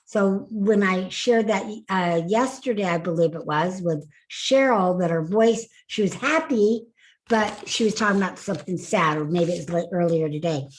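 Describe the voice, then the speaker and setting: A woman's voice: fairly low pitch, moderate pace. A woman coaching a group through voice and face exercises in an online workshop, upbeat and laughing often. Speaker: speaking coach. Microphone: video call.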